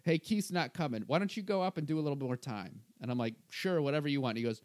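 Male stand-up comic with a mid-range voice, animated, talks into a dry podcast mic and plays every person in his anecdote. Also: medium pitch, quick pace, no room sound. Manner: animated, acts out the other people's lines. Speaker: stand-up comedian telling a story. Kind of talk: casual podcast storytelling. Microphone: podcast microphone.

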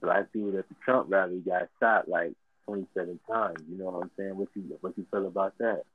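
A man with a fairly low voice tells stories in a lively, slangy way and laughs often. His voice comes through a thin, phone-like line. The sound is dry, with no room echo. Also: brisk, slightly rough. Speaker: podcast co-host. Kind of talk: casual podcast chat.

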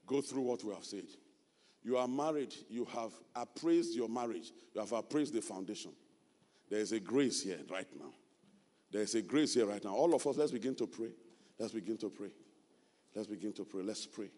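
A man's voice: on the low side, normal speed, warm tone. A man preaching a sermon and leading an altar call, repeating phrases in a fervent sing-song way and at times speaking in tongues. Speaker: pastor. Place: church sanctuary. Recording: long church reverb with music behind.

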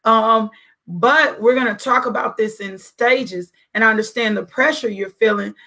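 Creaky-voiced mother giving parenting talk. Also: a little high, normal speed, bright, forceful tone. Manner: earnest, preachy, asks rhetorical questions. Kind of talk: faith-based parenting talk.

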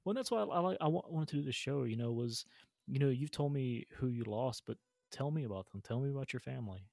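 Male podcast host, rapid speech, dry close mic, reflective. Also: medium pitch, lively intonation, creaky, a little mellow, no room sound. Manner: reflective, repeats words as he thinks. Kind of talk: casual interview talk.

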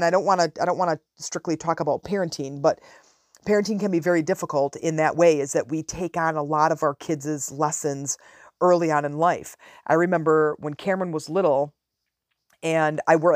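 A woman's voice: low voice, darkish tone, no room sound, studio quality. A woman in her forties telling a parenting story in a frank, casual monologue as a podcast host. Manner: frank, conversational, drawn-out emphasis.

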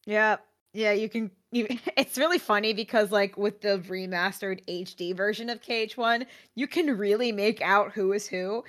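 A woman's voice: medium pitch, normal speed, a bit bright. A woman co-hosting a casual podcast about a video game, laid-back and chuckling. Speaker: podcast co-host.

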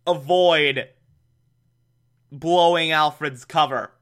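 A man's voice: fairly high pitch, steady tone, very slow, fairly bright tone. A man hosting a podcast, recapping an episode in a casual, chatty way, laughing often and adding mocking asides. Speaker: podcast host.

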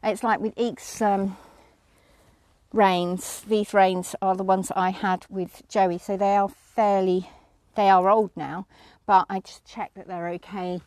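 A woman's voice: medium pitch, flat delivery, slow, a little mellow, no room sound. A middle-aged woman chatting casually outdoors with horses, breaking off to call commands to a horse she is lunging. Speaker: horse owner vlogger.

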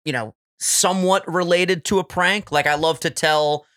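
A young man co-hosting a podcast in casual chat, animated and profane, slipping into put-on voices. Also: on the high side, normal speed. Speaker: podcast co-host.

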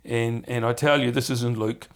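A man's voice: medium pitch, normal speed. A man hosting a podcast, teaching from the Bible in an earnest, conversational way, often repeating words as he goes. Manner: earnest, animated when acting out quotes, repeats words.

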